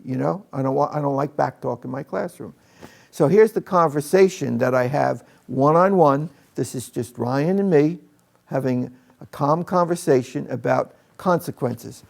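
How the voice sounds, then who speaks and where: A man demonstrating calm, direct classroom discipline to an audience of teachers. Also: mid-range voice, normal speed, vocal fry. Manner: calm and direct, speaks to the room. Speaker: teacher trainer.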